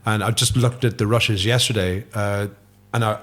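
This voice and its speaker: An Irish man chatting as a podcast guest, animated and swearing freely, dropping into quick impressions. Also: fairly low pitch. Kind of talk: casual chat.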